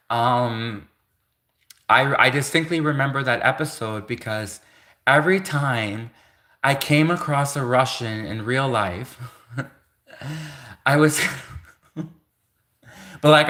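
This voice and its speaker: A man's voice: mid-range voice, sharp tone. A man in his thirties hosting a livestream, telling a story in a rambling, casual way, full of "like" and self-corrections, laughing between thoughts. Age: 30s. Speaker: livestream host.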